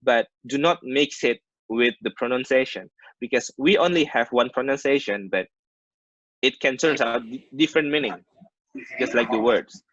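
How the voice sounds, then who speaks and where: A man's voice: mid-range voice, moderate pace, a bit bright, dry recording. A man with an Indonesian accent teaching maritime English in an online class. He explains terms by giving Indonesian glosses and often restarts his sentences. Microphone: video call. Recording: muffled online call audio.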